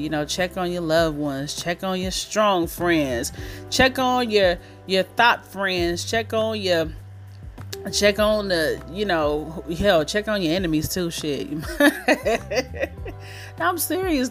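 Chatty woman podcast host, candid. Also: on the low side. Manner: chatty, candid, swears freely, laughs easily. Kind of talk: casual chat.

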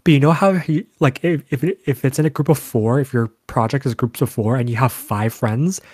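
Young man, chatty storyteller, mid pitch, dry recording. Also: fairly quick, slightly rough, no room sound. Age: young adult. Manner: animated storytelling, frequent fillers. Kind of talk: casual chat.

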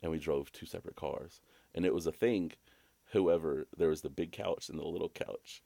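A young man with a very deep voice tells a rambling, swear-filled story in casual podcast chat. When he quotes himself, his voice jumps high. The sound is dry and close to the mic. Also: moderate pace, gravelly, dark tone, no room sound. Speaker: podcast co-host.

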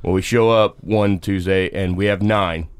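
A man's voice: low voice, steady tone, normal speed, clear, resonant tone, no room sound. A man co-hosting a casual podcast, telling a laid-back, profane story and laughing along. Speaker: podcast co-host.

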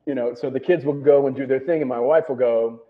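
Middle-aged man, restaurateur guest, quick rambling casual talk full of fillers, phone-line sound. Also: medium pitch, steady tone. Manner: rambling, full of "you know" and "right?". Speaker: restaurant owner.

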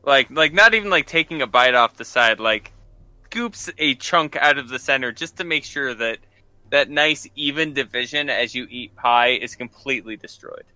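A man speaking as a player in a tabletop game, describing what his character does in a halting way with restarts. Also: mid-range voice, bright, forceful tone, no room sound, poor audio.

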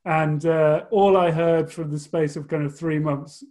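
British male co-host, slightly high pitch, dry humor, relaxed anecdotes. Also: normal speed. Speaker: podcast co-host. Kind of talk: casual podcast chat.

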